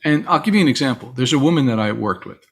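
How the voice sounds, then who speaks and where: An animated man with a medium-pitched voice talks at a quick pace as an interview guest, sharing stories in a reflective conversation and voicing the people he quotes.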